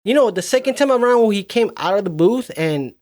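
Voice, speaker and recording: A man's voice: sits high, animated, brisk, a little mellow. A man co-hosting a podcast, adding profane, laid-back banter. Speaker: podcast co-host. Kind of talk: casual movie recap chat.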